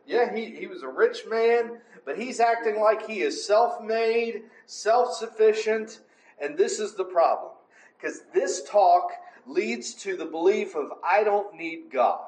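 Guy preaching bible study, high voice, keeps asking right? amen?, echoey room. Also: expressive, a little slow, a little mellow. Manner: emphatic, asks for agreement with "right?" and "amen?". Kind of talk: conversational Bible teaching. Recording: roomy echo.

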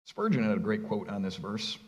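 A male pastor preaching a sermon in a conversational, animated way, asking his listeners rhetorical questions and speaking casually with them. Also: fairly low pitch, a little fast. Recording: long reverb of a large hall.

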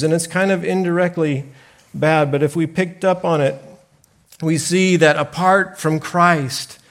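A man preaching a sermon slowly and deliberately, pausing for emphasis. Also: a little high. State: briefly choked up. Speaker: pastor.

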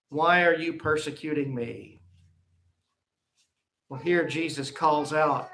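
Male pastor, sermon, high bright voice, dramatic swings in volume and pace. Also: slow pace, pauses often. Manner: preaching with emphatic swings in loudness and pace.

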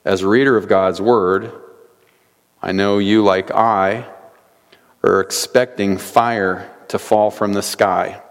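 A man's voice: on the low side, steady tone, slow pace. A man preaching an earnest sermon, reading scripture aloud and asking rhetorical questions. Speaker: pastor. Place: church sanctuary. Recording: long church hall reverb.

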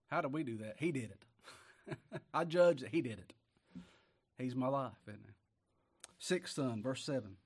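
Country preacher from Kentucky, folksy, keeps asking the congregation questions, booms on the verses. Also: male voice, a little slow, pauses often, breathy edge. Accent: Appalachian Kentucky. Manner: folksy, asks the congregation rhetorical questions, rises loud on scripture. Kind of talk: sermon.

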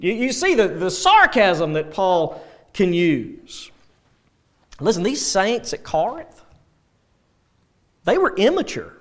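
A male pastor preaching a sermon, animated, with dry sarcastic asides. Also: high-pitched, slow pace, long pauses.

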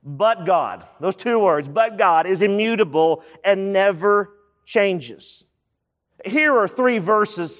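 High-voiced preacher in a reverberant hall. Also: male voice, fairly bright tone. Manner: emphatic, repeats key points for note-taking. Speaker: pastor. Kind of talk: sermon. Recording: long reverb of a large hall.

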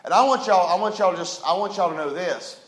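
A man preaching a sermon as pastor, firing off rhetorical questions and swinging between hushed asides and loud cries. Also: sits high, a little fast. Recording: echoey room.

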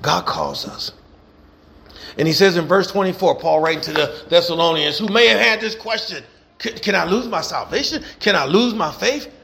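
A high-pitched male pastor preaching, his voice gravelly and rough. He drives his points home through repetition and emphatic call-outs to the congregation. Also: moderate pace, a bit bright. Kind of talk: sermon.

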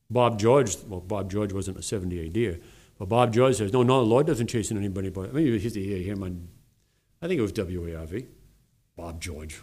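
A man who is a pastor, preaching a sermon in a church and swinging between loud emphasis and low, mocking asides.

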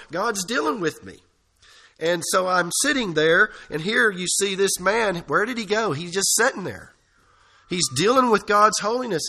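Pastor, male, bright high voice, earnest sermon delivery with emphatic swells. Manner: earnest preaching, rising to emphatic peaks. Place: church.

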